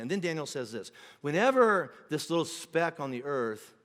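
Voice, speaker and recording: A man preaching a sermon as pastor, conversational and animated, with asides and self-corrections. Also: fairly high pitch, moderate pace, hardly any pauses. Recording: long hall reverb.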